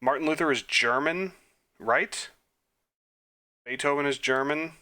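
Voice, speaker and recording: Guy doing quiz commentary, bright voice, mumbles names then yells at himself. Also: on the high side, a little slow. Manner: mutters answers aloud, flustered outbursts, self-mocking. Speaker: gaming YouTuber.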